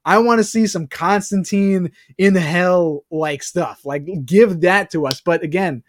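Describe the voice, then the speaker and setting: Male podcast co-host, casual, animated and quick, slightly high voice. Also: no echo, studio quality. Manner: animated, quick bursts with many fillers. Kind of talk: casual movie review chat.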